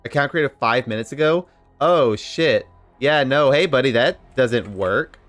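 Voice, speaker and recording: A man's voice: medium pitch, measured pace. Male streamer, casual and chatty, cusses, light music under him. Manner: animated, swears, talks to chat. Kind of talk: casual live-stream game commentary.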